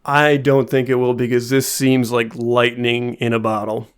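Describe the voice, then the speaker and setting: A man co-hosting a podcast in casual chat, speaking in a deliberate, dry way. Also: mid-range voice, little pitch movement, clean tone. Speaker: podcast co-host.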